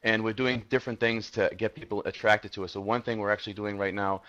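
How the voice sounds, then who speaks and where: A man pitching his startup over a video call, talking in halting bursts full of fillers and restarts. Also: flat delivery, fairly bright tone. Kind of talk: answering questions on a video call. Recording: dull lo-fi video call audio.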